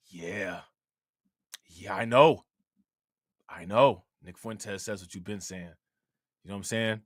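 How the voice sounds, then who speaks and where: A man with an Ohio accent runs a casual livestream, talking loosely and laughing often between thoughts. His voice is bright and forceful, recorded dry and close with no room around it. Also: fairly low pitch, a little slow, long pauses, no echo. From Ohio, USA. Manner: loose, conversational, laughs often, keeps asking "you know what I'm saying". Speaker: livestream host reading chat.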